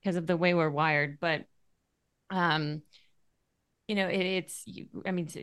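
A woman hosting a podcast in casual conversation, speaking haltingly with hesitant pauses. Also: low voice, fairly even intonation, fairly bright tone, smooth. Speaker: podcast host.

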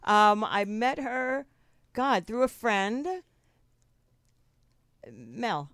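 A woman's voice: on the high side, very animated, extremely slow, a bit bright, smooth, no echo, studio quality. A middle-aged woman from New Jersey with a New Jersey accent, hosting a talk show in a brash, rambling, swearing style. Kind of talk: casual chat.

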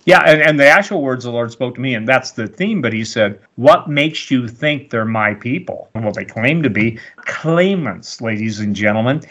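A man's voice: medium pitch, animated, moderate pace, hardly any pauses, pushed and bright, lo-fi sound. An older man speaking as an interview guest, emphatic and preacherly, with rambling asides. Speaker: radio host, guest. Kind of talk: animated interview talk.

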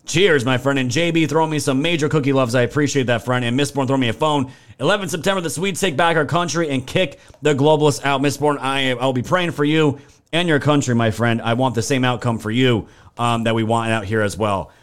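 A man's voice: mid-range voice, fairly quick, clear, resonant tone. A young man hosting a political livestream, talking indignantly and emphatically, swearing and thanking viewers by name from the chat. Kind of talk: livestream commentary reading chat.

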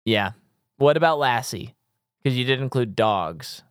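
A man's voice: medium pitch, expressive, a little slow, clean tone, no echo, clean studio sound. Rambling joking man in his thirties. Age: 30s. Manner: rambling, self-correcting, joking. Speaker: podcast co-host. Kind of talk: casual movie-review chat.

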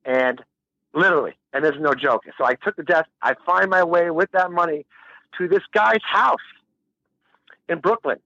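A man's voice: a little high, normal speed, vocal fry, long pauses, bright, forceful tone, no echo, dull audio. A man telling a long, rambling story in a casual interview, laughing and swearing freely. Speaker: musician guest.

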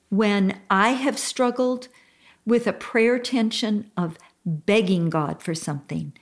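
An older woman hosting a Christian advice talk, speaking in an earnest, heartfelt way. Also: mid-range voice. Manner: earnest and heartfelt, slow and deliberate; slow-paced. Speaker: radio show host.

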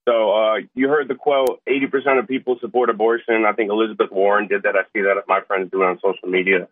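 A man calling in to a talk show and eagerly pitching a sketch idea. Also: little pitch movement, fast talker, no room sound. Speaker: caller. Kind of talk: phone call-in. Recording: tinny phone line.

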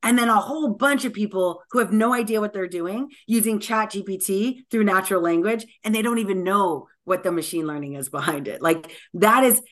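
A woman's voice: mid-range voice, brisk, few pauses. A woman being interviewed as a tech guest, talking energetically with lots of filler words. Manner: energetic and talkative, many "like" fillers. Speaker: guest technologist. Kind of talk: conversational podcast interview.

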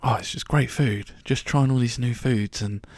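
A man's voice: mid-range voice, moderate pace, darkish tone, no echo. A young man telling a rambling, sweary story about his travels as a podcast host. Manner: chatty, rambling, sweary, full of restarts. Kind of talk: casual storytelling monologue.

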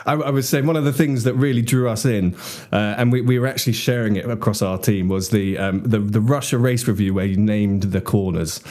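A man's voice: on the low side, brisk, a little mellow. A man hosting a casual podcast chat, self-deprecating and a bit rambling. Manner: chatty and self-deprecating, with frequent restarts. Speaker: podcast host.

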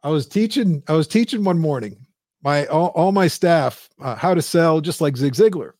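A man in his fifties, a business founder telling a lively story as an interview guest, acting out the quotes. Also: normal speed, dry recording. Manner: animated storyteller, acts out quotes in a high squeal.

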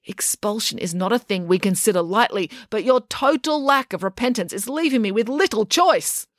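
A woman's voice: medium pitch, expressive, normal speed, no room sound, studio quality, voice pushed up, lightly acted. A woman voicing a fussy male school guidance counsellor who lectures with exasperation. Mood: flustered stern.

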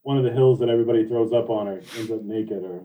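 A man's voice: fairly low pitch, fairly even intonation, fast talker, mellow, distant mic, rough recording. A man co-hosting a video chat, crude and wisecracking. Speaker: podcast co-host. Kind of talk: casual video call chat. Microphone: video call.

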